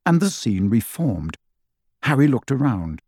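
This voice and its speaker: Expressive male audiobook narrator. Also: mid-range voice, slightly rough, dry recording. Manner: expressive, measured storytelling. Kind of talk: scripted narration.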